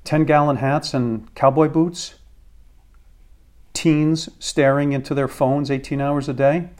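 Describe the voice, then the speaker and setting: A man's voice: a little high, fairly even intonation, takes it slowly, darkish tone. Sarcastic ranting American man. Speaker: podcast host. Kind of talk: comedic rant monologue.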